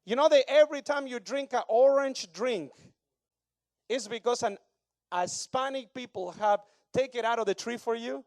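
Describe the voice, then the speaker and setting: A man in his thirties from Argentina, preaching a sermon with an Argentine Spanish accent in broken English, animated and joking with the congregation. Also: extremely high pitch, normal speed, no room sound, studio quality. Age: 30s. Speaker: pastor.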